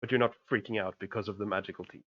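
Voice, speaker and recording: A man's voice: lowish voice, steady tone, rapid-fire, dry recording, highs cut off. A man narrating as game master of a tabletop game, casual and hesitant, with lots of asides.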